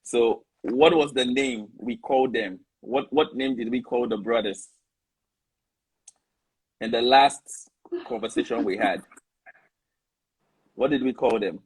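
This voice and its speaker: A man with a Nigerian accent hosting a casual live online discussion, playful and quick to laugh. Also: medium pitch, slightly rough, poor audio. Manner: playful, laughs often, jokes in pidgin. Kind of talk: casual live-stream talk.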